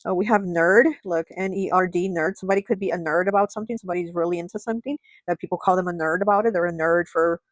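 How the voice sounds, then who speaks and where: A woman giving a pick-a-card tarot reading, musing aloud with frequent surprised exclamations and often sinking to a soft murmur. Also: fairly low pitch, fairly even intonation, fast talker, few pauses, no echo, rough recording. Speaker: tarot reader.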